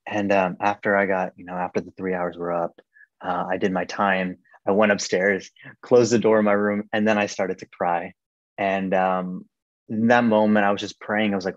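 Young man telling his story, low voice. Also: normal speed, no room sound. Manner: animated, acts out quoted voices with sharp rises in pitch; casual, many "like" and "um" fillers. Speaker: podcast guest. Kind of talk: personal faith testimony, storytelling. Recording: dry, slightly dull podcast recording.

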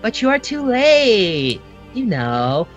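A woman voicing a scheming female villain singer in dramatic, drawn-out game voiceover. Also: medium pitch, very animated, muffled recording, faint music behind. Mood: taunting. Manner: dramatic, drawn-out monologue delivery. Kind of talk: hammy voiceover of game dialogue.

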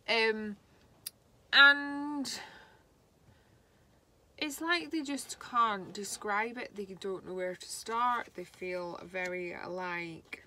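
A woman gives a spiritual card reading in a bright, clear voice. She speaks slowly and haltingly, pausing often as she puts feelings into words. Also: mid-range voice. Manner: slow, halting and emotional, channeling feelings. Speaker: tarot reader.

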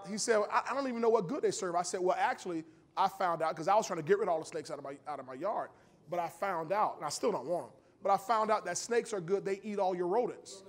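A man with a high voice preaching to his congregation in a church sanctuary. He talks in a folksy way and laughs often. He swings between loud, emphatic lines and quiet storytelling asides. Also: quick pace. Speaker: pastor. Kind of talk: sermon.

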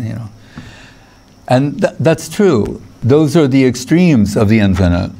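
A man's voice: medium pitch, expressive, moderate pace, warm tone. A man giving a lecture on scripture as a spiritual teacher, digressive, chuckling now and then and quoting Sanskrit verses.

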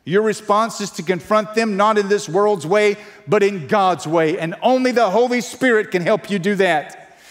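High-voiced pastor preaching in a reverberant church. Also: male voice, normal speed. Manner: earnest preaching, drops to a hushed plea then leads loud proclamations. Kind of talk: sermon. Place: church sanctuary. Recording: long church reverb with faint music.

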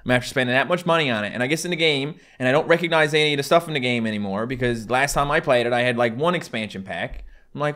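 A man's voice: mid-range voice, quick pace, a bit bright. Newfie guy rambling at his viewers, lots of uhs and restarts, pokes fun at himself. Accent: Newfoundland. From Newfoundland, Canada. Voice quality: rambling, self-deprecating, many fillers and restarts. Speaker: YouTuber answering fan questions. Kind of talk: casual chat.

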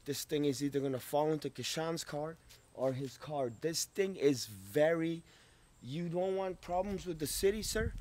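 A man's voice: on the high side, normal speed. Worked-up man ranting at his phone. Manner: profane, rambling, worked up, swings between loud outbursts and mutters. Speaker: vlogger addressing his landlord. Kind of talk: agitated handheld video log. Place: outdoors and indoors at his rented home.

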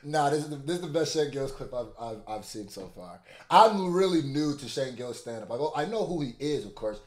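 A man, a rapper hosting a reaction channel, giving casual, animated, hyped commentary. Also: mid-range voice, fairly quick, slight background noise. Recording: echoey room.

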